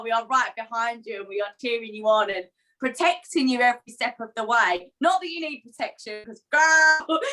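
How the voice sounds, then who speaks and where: A woman co-hosting an online community call, with a bright, fairly high voice. She speaks in affirming, emotional reassurances over a video call. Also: poor audio. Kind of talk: supportive group talk.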